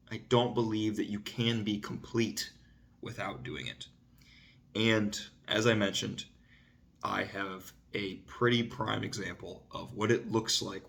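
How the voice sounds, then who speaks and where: A man hosting his own vlog, talking casually about self-improvement and often asking "right?" and saying "dude". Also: gravelly. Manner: gets louder and higher when making a point. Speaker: vlog host. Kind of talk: casual self-help monologue.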